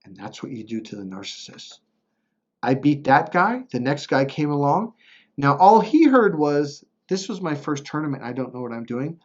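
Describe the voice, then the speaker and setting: A man's voice: a little high, sing-song, normal speed, highs cut off. Blunt, swearing man telling a story. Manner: blunt and profane, swearing freely; rambling, with restarts and frequent "right?". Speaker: motivational speaker. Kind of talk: casual personal storytelling.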